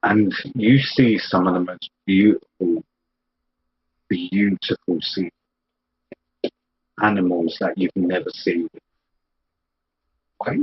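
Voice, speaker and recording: A man with a low voice narrates a tabletop role-play session as game master, taking his time over each scene. The audio is dull and lo-fi, with a faint noise underneath. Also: fairly even intonation. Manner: slow, descriptive storytelling.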